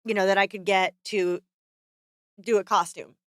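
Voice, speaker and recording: Tearful and close to crying, a female podcast co-host laughs through it while rambling in a casual chat full of filler words. She speaks steadily at a moderate pace in a mid-range voice, and the studio recording is clean with no echo.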